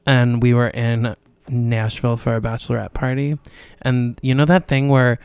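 A man's voice: medium pitch, flat delivery, normal speed, darkish tone, smooth, dry recording. A young man co-hosting a podcast, chatty, telling stories and laughing often. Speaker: podcast co-host. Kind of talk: casual chat.

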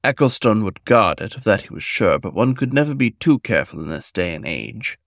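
A man narrating a story in a measured, scripted storytelling manner. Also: lowish voice, sing-song, creaky, fairly bright tone, dry recording, clean studio sound.

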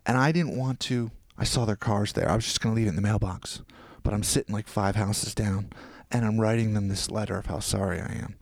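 A man's voice: on the low side, brisk, creaky, few pauses, no room sound. A middle-aged man telling a long anecdote in casual chat, acting out what others said. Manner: animated storytelling, acts out quotes.

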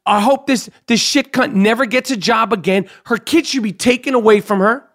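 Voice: mid-range voice, normal speed. A podcast host delivering a profane, angry monologue with frequent stammering restarts and repeated phrases.

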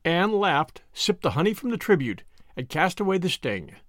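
A man narrating a novel aloud, storytelling in an expressive way. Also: sits high, normal speed, no echo, studio quality. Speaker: audiobook narrator. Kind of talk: scripted narration.

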